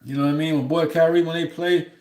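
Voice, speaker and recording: A man's voice: fairly high pitch, steady tone, fast, a little mellow, roomy sound. A man on a livestream telling a long story in a loose, rambling way, often heated and aggrieved, with "you know what I'm saying" between his thoughts. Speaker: livestream host.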